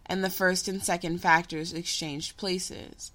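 A woman narrating a story in a measured, unhurried reading voice. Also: lowish voice, level tone, a bit bright.

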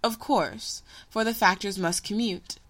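A woman's voice: medium pitch, measured pace, fairly bright tone. A woman reading a story, voicing an earnest seventeen-year-old boy who is eager and a little petulant. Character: earnest teenage boy, eager, sulky, impatient.

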